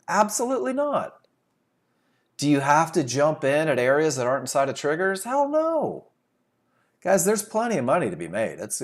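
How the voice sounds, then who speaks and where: A man leading a live trading class over a computer microphone, firing rhetorical questions and repeating his key points for emphasis. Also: on the high side. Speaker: trading instructor. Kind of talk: live webinar teaching.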